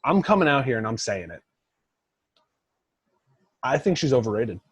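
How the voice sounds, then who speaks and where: A young man co-hosts a podcast in loose, casual chat and rambles through fillers and "like"s. His voice is husky and mid-pitched. It sits close and dry on the mic. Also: big pitch swings, normal speed, dry recording. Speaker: podcast co-host.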